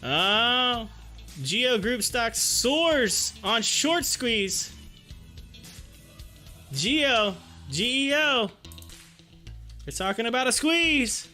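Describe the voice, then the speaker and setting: Man, live stream host, chatty and excitable, very high pitched voice, faint music behind. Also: very slow, long pauses. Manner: excitable, chatty, talks to viewers. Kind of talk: casual live-stream stock chat.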